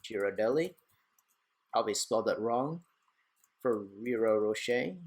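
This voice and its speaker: A man's voice: fairly low pitch, animated, measured pace. Chatty young man walking through a tutorial. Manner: chatty, rambling, self-deprecating asides. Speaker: tech tutorial host. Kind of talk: casual screen-recorded tutorial.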